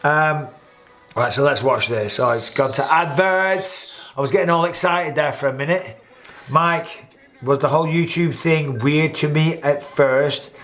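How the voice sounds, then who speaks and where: A man's voice: a little high, measured pace. A man, hosting a casual chat and acting out what people said, with swearing. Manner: animated, swearing, acts out quotes. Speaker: host.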